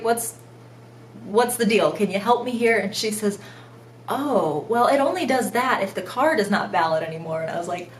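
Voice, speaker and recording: A young woman, a mother and vlogger, telling a travel mishap story in an animated, self-mocking way with frequent laughter. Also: mid-range voice, reverberant, a little hiss or hum. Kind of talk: storytime vlog.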